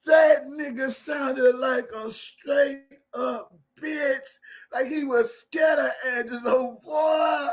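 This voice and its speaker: A man hosting a live stream, talking loosely and loudly, laughing hard and mimicking other people. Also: extremely high pitch, fairly even intonation, slow. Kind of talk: casual live-stream commentary.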